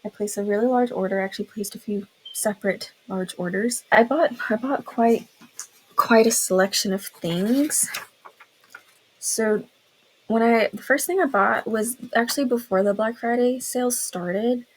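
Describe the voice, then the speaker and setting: A woman's voice: a little high, normal speed, a little hiss or hum, rough recording. A young woman chatting casually to camera about a perfume she loves, gushing and filling her talk with "like". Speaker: beauty vlogger.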